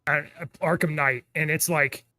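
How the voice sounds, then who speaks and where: A man in his thirties co-hosting a podcast, chatting casually and telling animated, rambling stories with laughs. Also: fairly high pitch, a little slow, no room sound, studio quality. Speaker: podcast co-host. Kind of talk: casual chat.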